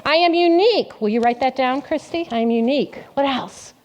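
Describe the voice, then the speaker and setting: A woman's voice: high voice, lively intonation, fairly quick, darkish tone. A woman pastor giving an interactive sermon in a church, asking the congregation questions and repeating their answers back. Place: church sanctuary.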